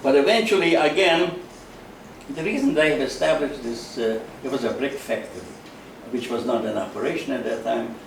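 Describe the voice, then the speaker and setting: An elderly man speaks slowly and haltingly, stopping for fillers and repeating words. His voice is gravelly with a creaky edge. He sounds set back from the mic, in a strongly echoing room with a faint hiss underneath. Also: mid-range voice. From Carpatho-Ruthenia, Eastern Europe. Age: 90s. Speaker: interview guest, Holocaust survivor. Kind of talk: personal testimony in an interview. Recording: echoey room, mic at a distance.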